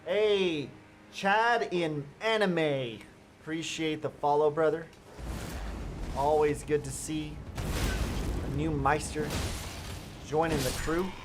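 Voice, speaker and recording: Excitable man streaming gameplay. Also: fairly high pitch, slow pace, pauses often, noisy background. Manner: chatty, addresses viewers directly; excitable outbursts. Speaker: gaming streamer. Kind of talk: live gameplay commentary.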